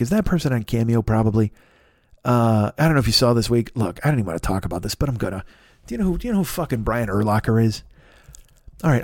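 A man's voice: mid-range voice, a little mellow, dry recording, clean studio sound. A man in his fifties ranting in a comedic podcast monologue, swearing a lot and jumping between stories. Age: 50s. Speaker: podcast host.

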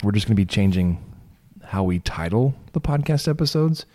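A man's voice: fairly low pitch, animated, moderate pace, warm tone. A man hosting a casual podcast chat, joking and rambling, his voice a bit worn from losing it. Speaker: podcast host.

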